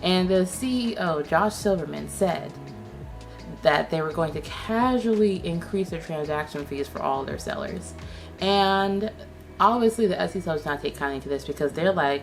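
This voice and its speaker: A young woman hosting a casual online chat show, sassy and profane, telling a story with animated swings in her voice. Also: lowish voice, moderate pace, creaky, soft background music. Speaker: YouTube host.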